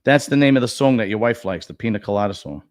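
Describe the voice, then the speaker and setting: A middle-aged man hosting a casual chat, animated and quick to swear and laugh. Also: on the low side, no room sound, studio quality. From Italian heritage. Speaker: bodybuilding show host.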